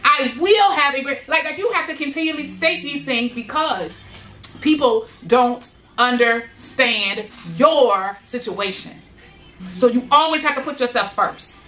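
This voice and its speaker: A woman's voice: on the high side, unhurried, bright, forceful tone, echoey room, faint music behind. A woman giving an emphatic, casual motivational talk to other parents, repeating phrases and using slang as she stresses her points. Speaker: motivational speaker, mother of boys with special needs.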